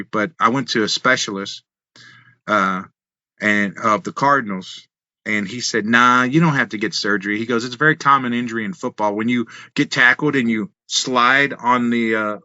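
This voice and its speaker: A man, a former wrestler, telling road stories in an animated way on a podcast, full of restarts and quoted dialogue. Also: mid-range voice, no room sound, highs cut off. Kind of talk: casual storytelling in a podcast interview.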